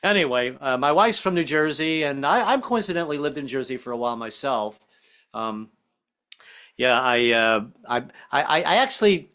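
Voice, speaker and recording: A man's voice: fairly high pitch, animated, brisk, a bit bright. Stammering man doing stand-up. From American South. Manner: stammering, self-interrupting delivery with frequent put-on voices. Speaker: stand-up comedian. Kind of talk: stand-up comedy set.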